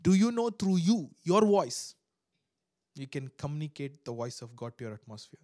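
A man preaching a sermon to a live and online congregation, swinging between loud exhortation and hushed prayer, and acting out voices in his stories. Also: a little high, sing-song, normal speed, no echo, studio quality. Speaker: pastor.

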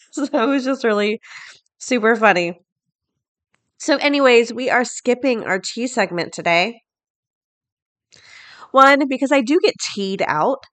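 A woman's voice: mid-range voice, animated, unhurried, long pauses, fairly bright tone. A middle-aged woman hosting a daily podcast, chatting off the cuff with frequent laughs and reading out headlines. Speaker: podcast host. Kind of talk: casual chat and reading headlines.

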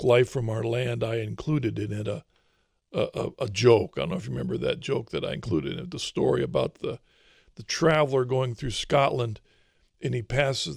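A man talking through Christian ideas in a relaxed discussion, thoughtful and often repeating words as he searches for phrasing. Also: medium pitch, vocal fry, no room sound, studio quality. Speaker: author and co-host of a faith discussion. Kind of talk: casual religious discussion.

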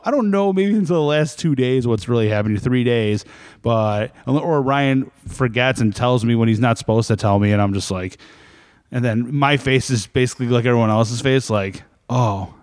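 A man's voice: medium pitch, moderate pace, no echo, clean studio sound. A man, a store manager, telling rambling stories with frequent laughter in casual chat.

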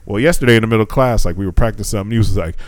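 A man co-hosting a casual podcast chat, telling animated teaching stories, swearing freely and acting out quotes. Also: lowish voice, racing, no room sound.

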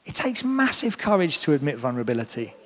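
A man's voice: on the high side, sing-song, fast, fairly bright tone. Earnest male preacher in a reverberant church. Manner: earnest, encouraging address to a congregation. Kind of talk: sermon. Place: church hall. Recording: long reverb of a church hall.

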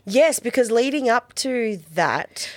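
A woman's voice: a little high, animated, takes it slowly, dry recording. A woman co-hosting a podcast, chatting casually and giggling as she recaps a TV episode and quotes the characters in playful voices. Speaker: podcast co-host. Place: cold home garage studio. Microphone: podcast microphone.

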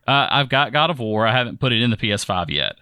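A man's voice: medium pitch, sing-song, fast talker, sharp tone, clear, resonant tone, dry recording, clean studio sound. A man co-hosting a gaming podcast in casual chat, stammering through frequent false starts. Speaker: podcast co-host.

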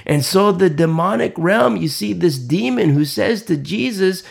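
A man preaching a sermon, swinging from loud emphatic lines to hushed whispers. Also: high-pitched, expressive, a little slow, gravelly, hardly any pauses, slightly rough. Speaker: pastor.

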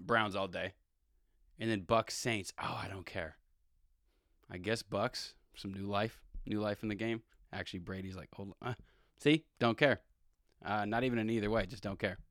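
A man with a fairly low, fairly bright voice hosts a podcast, chatting casually about football. He rambles, chuckles, and corrects himself as he goes. The recording is dry and studio quality.

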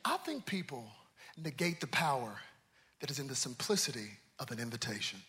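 A man preaching a sermon, calling out to the congregation and swinging from hushed, low asides to shouted climaxes. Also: very animated, a little fast. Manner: preaching with call-and-response, swinging from quiet to shouting. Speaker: pastor.

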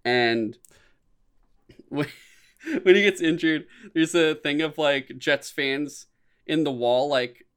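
A man's voice: slow pace, pauses often, clean tone. Rambling, swearing young man on a podcast. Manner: rambling, animated, swears often, voice jumps high when quoting reactions. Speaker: podcast co-host. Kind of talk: casual chat.

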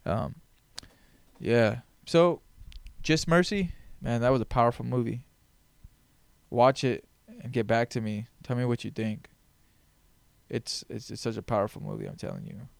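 A man's voice: medium pitch, very animated, a little slow, creaky, dry recording. A man hosting a solo podcast, rambling casually and joking with plenty of profanity. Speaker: podcast host. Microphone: headphones on, close mic.

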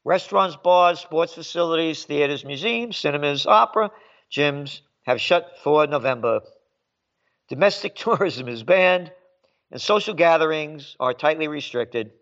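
High-voiced guy doing a slow sarcastic rant, bit muffled sound. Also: lively intonation, a bit bright. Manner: sarcastic and mocking. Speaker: commentary show host. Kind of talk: ranting commentary.

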